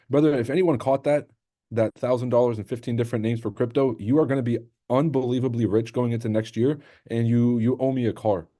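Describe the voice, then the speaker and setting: A man's voice: mid-range voice, fairly even intonation, brisk, warm tone. Profane, joking male livestream trader. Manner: joking, profane, reacts to chat. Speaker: livestream trading host. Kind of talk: casual livestream commentary.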